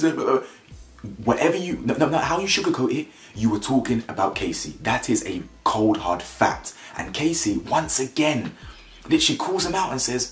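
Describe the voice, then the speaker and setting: A man's voice: big pitch swings, normal speed. Guy ranting blunt and mocking, voice jumps all over, echoey room. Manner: blunt, mocking, mimics cast members in high voices. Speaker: reality show reviewer. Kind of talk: animated opinion rant.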